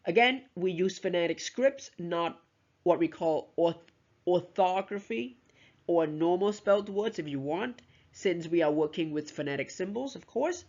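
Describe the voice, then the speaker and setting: Teacher narrating a lesson, gravelly tone, dull lo-fi sound. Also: medium pitch, expressive, unhurried, a little mellow. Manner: explanatory, modelling words aloud, self-correcting. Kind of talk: recorded lecture explaining pronunciation.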